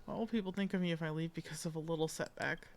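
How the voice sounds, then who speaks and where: A woman's voice: deep voice, steady tone, fast talker. A woman reading aloud the lines of a grumpy, overworked young female engineering consultant in a game, irritable and defensive.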